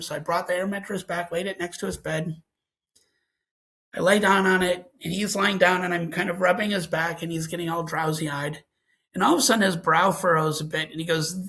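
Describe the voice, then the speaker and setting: A man's voice: high voice, fairly bright tone, rough recording. A man, a scientist guest, telling a personal story and acting out the dialogue as he goes.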